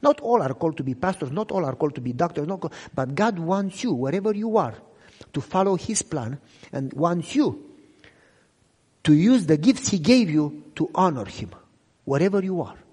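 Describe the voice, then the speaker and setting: Young non-native english guy preaching, high and swooping, loud then hushed. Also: big pitch swings, normal speed, breathy edge. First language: not English. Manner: dramatic, swinging from loud cries to hushed low lines. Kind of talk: emotional sermon testimony. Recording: echoey hall reverb.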